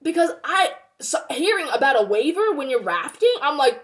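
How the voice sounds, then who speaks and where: High-voiced young woman ranting heatedly. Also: big pitch swings, moderate pace. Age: young adult. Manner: heated and indignant, swearing, repeating herself; rhetorical questions to the audience. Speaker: vlogger. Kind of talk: ranting monologue to viewers.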